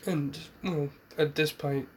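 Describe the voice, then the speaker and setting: A man's voice: a little high, fairly even intonation, takes it slowly, slight background noise. A man casually retelling a fan-made story, rambling with restarts and asides.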